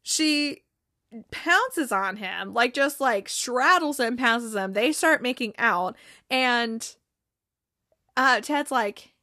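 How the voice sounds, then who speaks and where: Brief: young woman, recap host, bright and lively, slightly high, dry close sound. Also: slow pace, no echo. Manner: chatty, acts out characters' lines, frequent fillers and laughs. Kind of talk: casual episode recap.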